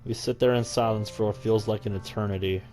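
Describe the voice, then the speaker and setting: A man's voice: fairly low pitch, fairly even intonation, a little fast, dark tone. A young man reading a visual novel aloud as a let's play host, with dry, sarcastic asides. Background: faint game music.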